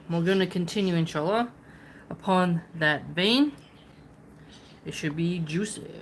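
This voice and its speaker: A woman talks through a philosophy text in a slow, reflective, chatty way. Her voice sits a bit low and unhurried, with faint background ambience. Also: slight background noise. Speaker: host reading and explaining philosophy. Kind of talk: casual read-along commentary.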